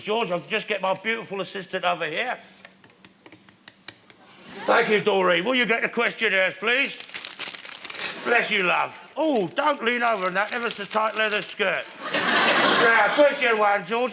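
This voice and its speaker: A man's voice: high-pitched, gravelly, bright, forceful tone, slight background noise, full character voice. A comedian playing a smarmy, wheeler-dealer minicab boss, talking in oily salesman patter. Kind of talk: comedy sketch.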